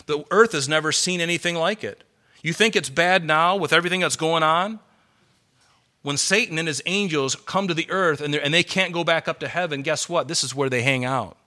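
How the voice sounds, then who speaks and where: Pastor guy preaching, real fired up and chatty, bright punchy voice, kinda high for a man. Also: brisk. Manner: fervent, worked up, conversational. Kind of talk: sermon. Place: church hall with congregation.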